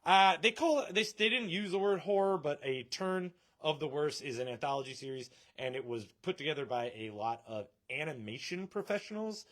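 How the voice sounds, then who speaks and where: A man's voice: a little high, lively intonation, a little fast, hardly any pauses, a bit bright. A man hosting a casual live stream from a comic shop, joking and laughing often.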